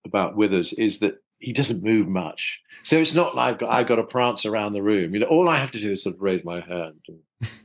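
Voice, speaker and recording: An older man from South London with a fairly low voice talks over a video call. He stops and repeats words as he thinks, chuckling often, in a relaxed interview chat. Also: normal speed, rough recording. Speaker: actor guest.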